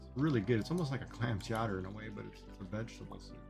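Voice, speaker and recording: A man's voice: lowish voice, racing, gravelly, music in the background. A man chatting casually with viewers while playing a game on a livestream, musing aloud about food. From Canada. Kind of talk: casual chat while gaming.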